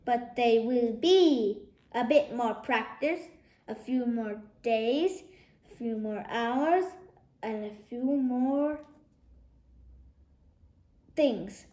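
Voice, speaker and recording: Lady doing a giddy dad voice, goofy and loud, bit high, echoey. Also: drawn-out words, pauses often. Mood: teasing. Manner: boisterous, giddy, dialect-heavy. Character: excitable daft working-class dad, grown man.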